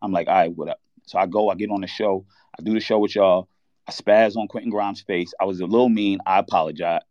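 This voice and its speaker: A deep-voiced man tells a candid story, halting and searching for words. His voice comes through dull, lo-fi, and dry. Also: steady tone, darkish tone, no echo. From New York. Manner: candid, halting, reliving a loss. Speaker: podcast host. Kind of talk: emotional personal story on a sports talk show.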